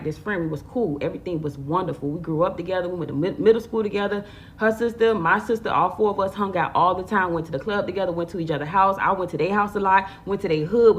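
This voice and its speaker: Brief: woman with a low speaking voice, emphatic storyteller who repeats her points. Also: a little hiss or hum. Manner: emphatic, repetitive, talks straight to viewers. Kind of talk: casual storytime.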